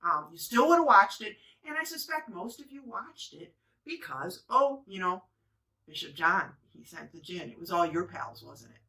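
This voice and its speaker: A woman's voice: fairly low pitch, sing-song, moderate pace, pushed and bright, far from the mic. Chatty woman mixing a cocktail. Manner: chatty, talks to viewers while mixing. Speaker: home cocktail show host. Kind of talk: casual cocktail-making demo.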